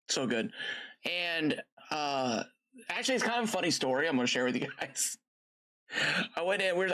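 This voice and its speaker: A man's voice: mid-range voice, fairly bright tone. A middle-aged man hosting a livestream, chatting casually in a rambling, friendly way with many fillers and side stories. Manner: gives friendly step-by-step cooking tips to viewers. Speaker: gaming livestream host. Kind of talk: casual chat.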